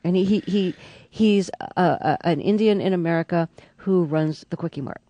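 A woman's voice: on the low side, moderate pace, warm tone, dry recording. A woman interviewing a guest, asking thoughtful questions and rephrasing them as she goes.

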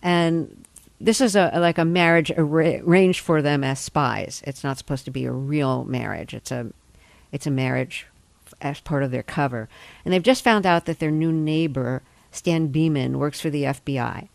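A woman interviewing an actor, asking measured, precise questions. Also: low voice, gravelly, dry recording.

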